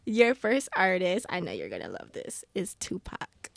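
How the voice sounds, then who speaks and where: A woman hosting a casual podcast chat, running a question game with a guest, playful and quick to laugh. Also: lowish voice, huge pitch swings, gravelly. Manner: playful, laughs often, dialect speech. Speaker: podcast host.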